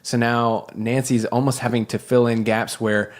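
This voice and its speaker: A man's voice: mid-range voice, little pitch movement, moderate pace. A man co-hosting a podcast in casual conversation, thoughtful and searching for his words. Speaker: podcast co-host.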